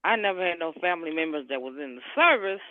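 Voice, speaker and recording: A woman calling in to a group video chat, telling folksy stories in a lively, down-home way over the phone. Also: fairly low pitch, fast talker, no echo. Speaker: caller. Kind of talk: casual storytelling. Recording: tinny phone line.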